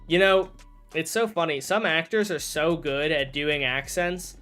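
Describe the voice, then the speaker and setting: A man with a slightly high voice chats casually through a game stream, rambling and restarting his sentences as he goes. He slips into joking mock outrage, with soft music playing faintly underneath. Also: a little slow. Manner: rambling, self-correcting, jokey mock outrage. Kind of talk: casual livestream chat while gaming.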